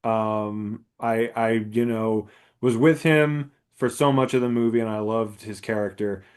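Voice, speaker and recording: A man's voice: on the low side, a little slow, a little mellow, clear, resonant tone. A man co-hosting a podcast, talking casually about a film and rambling with lots of filler words. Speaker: podcast co-host. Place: podcast studio.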